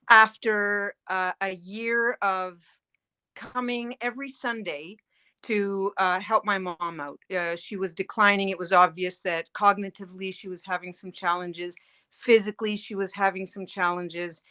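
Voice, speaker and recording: A middle-aged woman, a family caregiver, telling her story as a guest in earnest, animated detail with many fillers. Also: mid-range voice, clear, resonant tone. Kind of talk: emotional personal storytelling.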